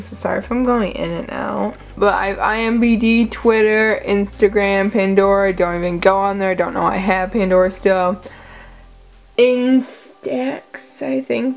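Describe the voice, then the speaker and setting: Goofy, chatty young woman vlogger. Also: mid-range voice. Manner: goofy, chatty, laughs at herself. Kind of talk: casual chat.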